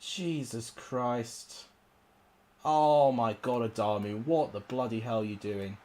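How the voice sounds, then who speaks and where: A man's voice: on the low side, moderate pace, dark tone. A young man commentating live on his football game, frustrated and exclamatory, cursing at his players. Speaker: gaming YouTuber.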